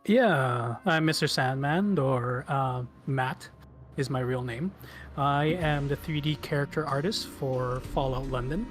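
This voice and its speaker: Canadian dude guest on a stream, mid voice, relaxed, lots of ums. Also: male voice, mid-range voice, measured pace, soft background music. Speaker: guest game artist. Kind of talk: casual interview chat.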